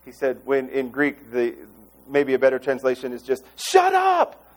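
A pastor delivering a sermon in an animated, expressive way, often acting out the people he quotes. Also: mid-range voice, moderate pace.

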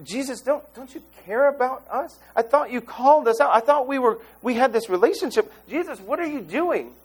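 Frightened disciples crying out in a storm, as a preacher acts them out. The voice climbs well above the speaker's usual pitch, urgent and pleading, with a lively, swinging delivery. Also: male voice, fairly quick, slightly rough, full character voice. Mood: desperate pleading. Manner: desperate, pleading, raised pitch.

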